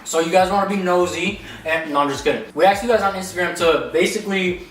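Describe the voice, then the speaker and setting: Fast-talking joking young man, roomy sound. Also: sits high, noisy background. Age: 20s. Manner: joking, quick banter. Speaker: vlog co-host. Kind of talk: casual couple Q&A chat. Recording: roomy, from a distance.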